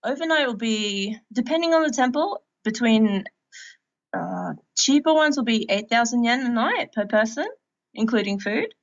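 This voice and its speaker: A woman's voice: on the high side, moderate pace. Australian woman guest on dull audio. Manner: lively storytelling with laughs. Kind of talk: casual interview chat.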